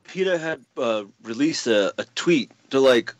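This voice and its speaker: A man's voice: mid-range voice, expressive, unhurried, no room sound. A man in casual podcast chat, rambling with many fillers and swearing. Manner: rambling, filler-heavy, profane.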